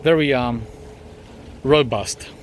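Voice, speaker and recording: The gardening vlogger wanders his backyard, casually pointing things out in a rambling way with frequent ums. His pitch is medium, his pace slow, and there's slight background noise.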